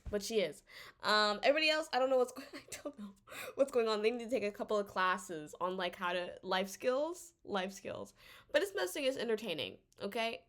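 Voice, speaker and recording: Offering casual commentary on a drama series, a woman vlogger speaks at medium pitch. She rambles in an animated, exasperated way, regularly stumbling and beginning her sentences again.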